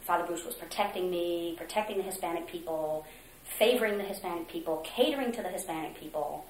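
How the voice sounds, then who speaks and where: A woman from Mexico being interviewed, earnestly recounting a story, acting out quotes with hesitant pauses. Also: fairly low pitch, a little mellow. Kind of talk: oral history interview. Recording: roomy echo, faint noise.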